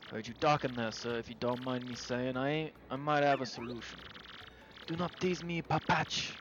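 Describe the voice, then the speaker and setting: A man voicing a gruff male deckhand sailor in a video game, with rough, blunt sailor talk. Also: mid-range voice, steady tone, moderate pace, dull audio, noisy background, natural voice. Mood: earnest.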